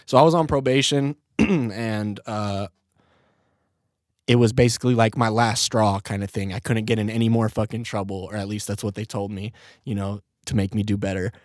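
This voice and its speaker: A man's voice: on the low side, steady tone, moderate pace, no echo, studio quality. Laid-back young man telling stories. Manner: laid-back, laughs often, heavy swearing and slang. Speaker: podcast host. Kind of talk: casual storytelling.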